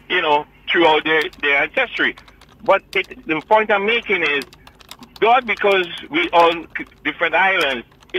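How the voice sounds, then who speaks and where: A man's voice: fairly high pitch, husky. Grenadian man on a muffled phone line. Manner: animated, rambling, teasing. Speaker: caller. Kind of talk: casual call-in chat. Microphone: telephone.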